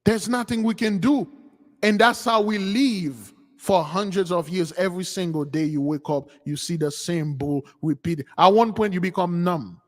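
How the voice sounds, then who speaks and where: A man's voice: sits high, normal speed. A man hosting a channel, delivering an impassioned, preachy rant as livestream commentary. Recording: long hall reverb.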